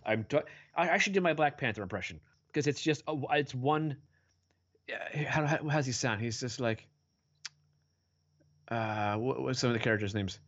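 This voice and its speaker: A man's voice: medium pitch, moderate pace, fairly bright tone. Guy ranting about movies, swears a lot, muffled lo-fi sound. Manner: blunt, exasperated, swears a lot. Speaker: podcast co-host. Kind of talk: casual movie review chat.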